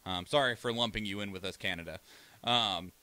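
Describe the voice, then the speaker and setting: Bright-voiced, profane American man ranting. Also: lowish voice, fairly quick, clean tone, no room sound. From United States. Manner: profane, rambling, acts out countries in mock voices. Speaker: podcast host. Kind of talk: casual solo commentary.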